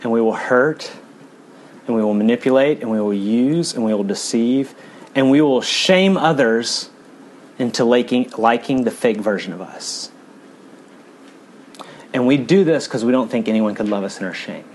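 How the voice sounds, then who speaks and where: A male pastor preaching a sermon in a church, earnest, swinging from fast emphatic runs to low, quiet stretches. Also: lively intonation, a little hiss or hum.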